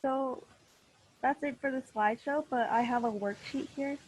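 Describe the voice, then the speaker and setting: A young woman teaching a class over a video call, explaining patiently and slowly with many fillers and restarts. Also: high voice, a little mellow, no echo, rough recording. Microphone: computer mic on a video call.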